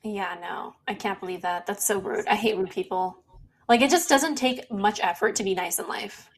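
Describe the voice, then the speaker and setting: A woman's voice: medium pitch, moderate pace. A young woman with a mid-range voice co-hosts a casual podcast. She reacts with emphatic agreement and keeps the talk loose and conversational. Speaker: podcast co-host. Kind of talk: casual chat.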